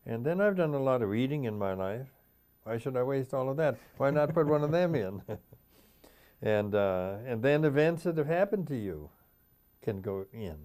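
A man's voice: medium pitch, very animated, moderate pace, a little mellow. An older man, a poet, talking reflectively in an interview and reading his own poems aloud, repeating stanzas. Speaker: poet guest. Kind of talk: interview talk and poetry reading.

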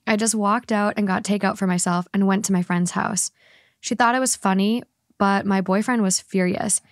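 A woman hosting a podcast, reading a Reddit story aloud with animated delivery, laughing often and swearing casually. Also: medium pitch, normal speed, no echo, studio quality. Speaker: podcast host.

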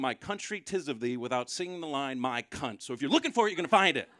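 A man performing a live stand-up set, sarcastic and building into loud mocking rants. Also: fairly high pitch, big pitch swings, quick pace, hardly any pauses, no room sound, studio quality. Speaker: stand-up comedian. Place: live comedy venue.

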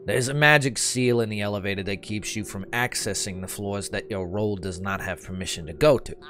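A man's voice: on the low side, a little fast, sharp tone. A man voicing a breezy demon boss with a New York accent. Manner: breezy, encouraging, fatherly. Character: smooth-talking demon boss in a corporate office.

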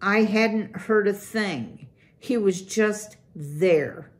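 A woman voicing an earnest young female mouse who stammers and talks haltingly. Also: mid-range voice. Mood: upset.

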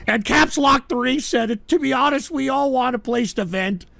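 A man hosting a live call-in stream, ranting and shouting with profanity, choked up and tearful. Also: very high-pitched, normal speed, creaky, no room sound. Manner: shouting, profane, whiny and fed up.

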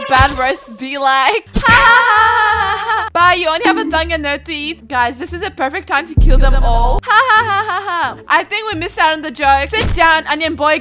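A young woman giving playful, teasing gameplay commentary as a gaming YouTuber, sassy and giggly as she trashes other players. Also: extremely high pitch. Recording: music playing under the voice.

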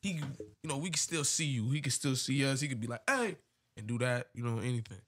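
A man's voice: medium pitch, fast talker, slight background noise. A man from telling a long story on a casual podcast, rambling with lots of fillers and slang. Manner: rambling, many "you know" fillers, slangy. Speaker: podcast co-host.

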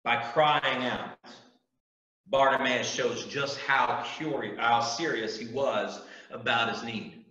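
Youth pastor, male, bright forceful voice, earnest preaching; echoey room, distant mic. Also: mid-range voice, steady tone, slow pace, lo-fi sound. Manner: earnest, emphatic preaching with repetition. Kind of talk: youth group sermon.

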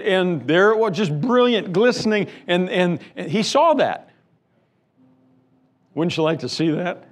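Male pastor with a high voice, preaching emphatically in church, soft music underneath. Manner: emphatic, repeats words, builds with lists. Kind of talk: sermon. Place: church sanctuary.

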